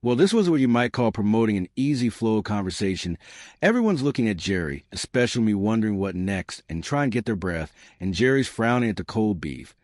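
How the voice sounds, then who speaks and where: A man's voice: on the low side, big pitch swings, brisk, a little mellow, dry recording, studio quality. A man narrating an audiobook short story in a colloquial, chatty first-person voice.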